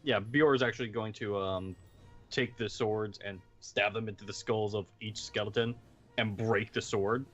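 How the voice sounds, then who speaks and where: A man's voice: fairly low pitch, steady tone, moderate pace, a bit bright. A man playing in a tabletop game, asking brief, plain questions in casual chat. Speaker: player. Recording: dull lo-fi call audio with faint music.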